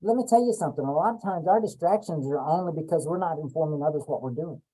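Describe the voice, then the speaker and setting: A man's voice: a little high, fast, dark tone, low-quality recording. A man giving a folksy motivational talk as a brain coach on a video call, repeating points and dropping in playful asides.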